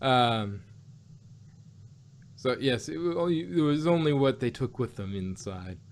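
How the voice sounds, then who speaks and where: A man's voice: medium pitch, expressive, unhurried, long pauses. A man hosting a casual review podcast, talking in a mid-range voice. He rambles through the plot with many fillers and corrections. A faint noise sits behind him. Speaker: podcast host reviewing cartoon episodes. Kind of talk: casual episode recap.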